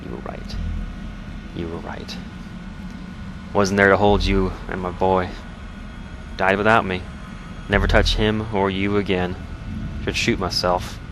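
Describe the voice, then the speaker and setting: A man's voice: deep voice, level tone, a little slow, pauses often, a bit bright, a little hiss or hum, low-quality recording. A man voicing a grieving, hardened lone survivalist who speaks in clipped fragments with a slight Southern drawl.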